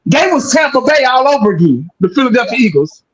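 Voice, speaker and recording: Male sports host, high-pitched, casual and profane, hammering his points home. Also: very animated, fast talker, low-quality recording. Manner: profane, emphatic, repeats 'man' often.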